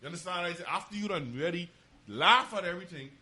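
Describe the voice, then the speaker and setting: Bright-voiced man making insistent points. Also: high-pitched, animated, fast talker, breathy edge. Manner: emphatic, insistent, repeats phrases. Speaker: podcast co-host. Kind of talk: casual chat.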